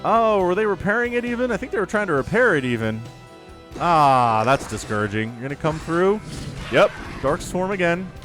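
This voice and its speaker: Lively, excitable male game caster. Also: high voice, normal speed, faint music behind. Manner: excitable, jokey, animated play-by-play. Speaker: esports caster. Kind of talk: solo game commentary.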